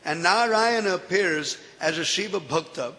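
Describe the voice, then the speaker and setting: A man teaching from scripture and telling stories in an animated way, often laughing as he explains. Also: high voice, normal speed. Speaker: spiritual teacher. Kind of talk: scripture lecture with storytelling. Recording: echoey hall.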